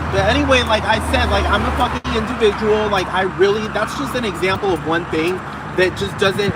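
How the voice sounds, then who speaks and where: Out by a busy road, a podcast host with a high voice rambles through a casual monologue, cursing freely and leaning heavily on "like." The rant is backed by loud noise from cars and street traffic.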